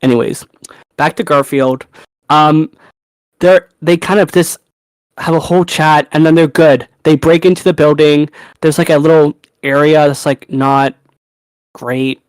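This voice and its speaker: A young man co-hosting a podcast in casual chat, animated, laughing and swearing freely. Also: on the high side, measured pace, clean tone, no echo. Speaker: podcast co-host.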